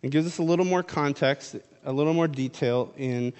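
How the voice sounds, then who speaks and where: A man's voice: on the high side, moderate pace, darkish tone, smooth. A man preaching a sermon in a casual, conversational way, reading scripture aloud and then explaining it. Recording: long hall reverb.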